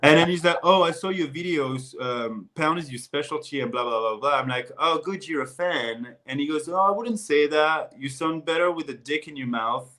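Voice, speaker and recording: A man's voice: on the high side, fairly quick, few pauses. Blunt young man with a French accent. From France. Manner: blunt, profane, animated storytelling with many fillers. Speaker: guest. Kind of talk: candid casual chat.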